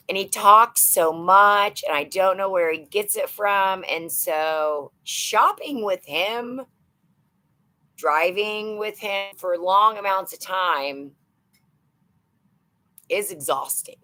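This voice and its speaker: A woman's voice: mid-range voice, slow, pauses often, pushed and bright. A woman in her thirties hosting a casual live stream, chatty and playful as she greets viewers by name. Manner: chatty and playful, rambling with fillers. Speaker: live-stream host of a shopping channel.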